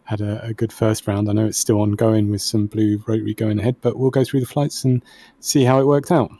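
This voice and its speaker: A man's voice: fairly low pitch, little pitch movement, brisk, mellow. A man giving a casual flight sim debrief as flight lead, modest and self-deprecating.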